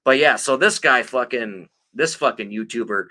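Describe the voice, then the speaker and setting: Speaking at a normal speed in a mid-range voice that sounds pushed and bright, this man co-hosts a podcast. He's had a few beers, so he's tipsy, profane and joking as he reads articles out loud.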